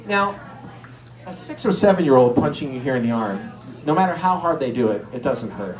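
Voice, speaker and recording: A middle-aged man from Erie, Pennsylvania, telling stand-up stories and acting out the people in them with sudden jumps in pitch. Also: a little fast, roomy sound, rough recording. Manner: animated, acts out characters with jumps in pitch. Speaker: stand-up comedian. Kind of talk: stand-up storytelling.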